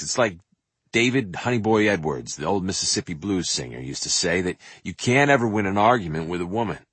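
A man with a deep, raspy voice reads his own memoir as an audiobook, full of swagger and cursing. His delivery swings widely up and down as he acts out bits of dialogue. The sound is close and bone-dry, like a vocal booth. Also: dry recording. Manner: animated and profane, acts out quotes and sings snippets. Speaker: memoir narrator.

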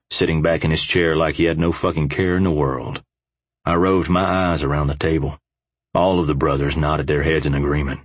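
Man, audiobook narration, gritty first-person reading, very low, husky. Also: steady tone, normal speed, no room sound.

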